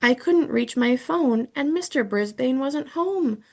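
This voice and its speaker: A kind, middle-aged schoolteacher speaks gently to her class, as a woman puts her on for a storybook reading. The voice sits a touch high and has a light gravelly texture. She takes her time with each word. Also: expressive, a little slow, heavily acted. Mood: fond.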